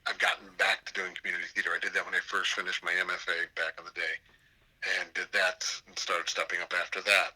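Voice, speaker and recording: An older man telling theater anecdotes in an interview. His voice sits low but comes across bright and forceful as he gets animated. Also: fast talker, breathy edge, low-quality recording. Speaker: theater professor. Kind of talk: storytelling interview over a call.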